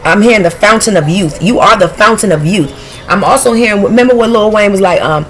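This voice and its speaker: A woman reads tarot cards in a loose, off-the-cuff way, cursing freely and talking to her viewers in a blunt, streetwise tone. Her voice sits at an ordinary middle pitch. Clear background noise runs under the recording. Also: fairly quick. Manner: blunt, profane, streetwise and animated. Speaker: tarot reader. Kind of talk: casual intuitive tarot reading.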